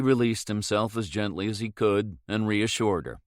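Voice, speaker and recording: Low-voiced male audiobook narrator, dry. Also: normal speed, no echo. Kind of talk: scripted narration.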